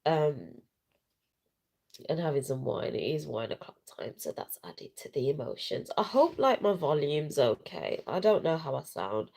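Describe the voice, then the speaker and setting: A woman's voice: low-pitched, big pitch swings, normal speed, creaky, darkish tone. A woman chatting on a casual live video, tearful and frank, rambling with slang and swearing while she cries. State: crying. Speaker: vlogger. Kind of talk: emotional casual live chat. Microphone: self-recorded at home without sound check.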